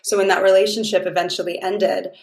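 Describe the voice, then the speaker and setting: A woman's voice: medium pitch, flat delivery, quick pace, darkish tone, roomy sound. A woman guest on an interview show, telling stories in an effusive, heartfelt, rambling way. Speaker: guest, dating mentor. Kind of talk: casual interview chat.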